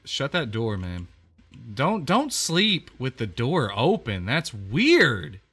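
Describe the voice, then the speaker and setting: A man talking through a horror game in a loose, chatty way, his pitch jumping up and down as he reacts. His voice is bright and forward, and he exclaims and repeats himself a lot. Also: huge pitch swings, takes it slowly, slightly rough. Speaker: gamer playing a horror game. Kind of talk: casual let's-play commentary.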